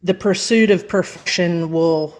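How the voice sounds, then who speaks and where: A woman's voice: fairly low pitch, a little slow, darkish tone. A woman, a metal singer and podcast guest, talking candidly and casually, swearing freely. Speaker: metal band vocalist, guest. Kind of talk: casual interview chat.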